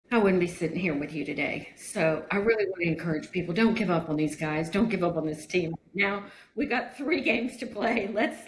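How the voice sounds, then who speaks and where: A woman's voice: on the low side, slight background noise. Upbeat woman in an echoey room. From Alabama, USA. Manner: upbeat, encouraging. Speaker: podcast host. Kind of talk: casual conversation.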